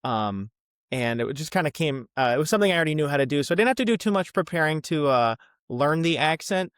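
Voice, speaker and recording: A man's voice: a little high, animated, fast, fairly bright tone, smooth, no echo, studio quality. A man in his twenties, a student guest on a podcast, answering in a friendly, easygoing way with lots of ums. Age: 20s. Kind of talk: casual interview.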